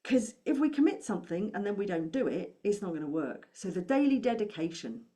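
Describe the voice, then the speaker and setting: A woman's voice: mid-range voice, big pitch swings, brisk, mellow. A woman speaking as a money coach, giving an encouraging talk to camera and asking the listener questions.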